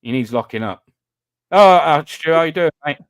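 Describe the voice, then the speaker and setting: Hosting a live voice-chat panel, a man from Britain bantors casually and tells self-mocking stories via online voice chat. His voice is a little high and expressive, at normal speed with a clean tone and no room sound.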